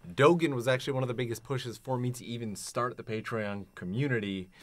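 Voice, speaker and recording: A man's voice: medium pitch, a little fast, fairly bright tone. A man hosting a casual live stream, reading viewer comments aloud and chatting with his guests.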